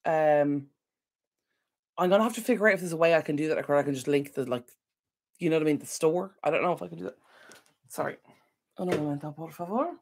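The host of a decluttering channel, a woman with a deep voice, talks at a quick pace but pauses often during her casual home livestream Q&A. She uses a desk microphone at her computer, and while recovering from illness she rambles, apologizes and wanders off topic.

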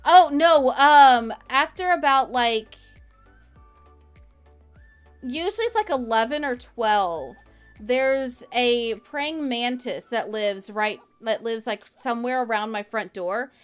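High-voiced woman streaming a game. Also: takes it slowly, smooth, soft background music. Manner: chatty and rambling, answering viewers' messages. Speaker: live streamer. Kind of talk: casual chat while playing a game. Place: at home.

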